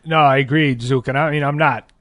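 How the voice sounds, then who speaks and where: A young man hosting a sports podcast in a small studio, opening with radio-style lines and replying in a measured, agreeable way. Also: mid-range voice, fairly even intonation, a bit bright, no echo. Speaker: host. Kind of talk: casual sports talk.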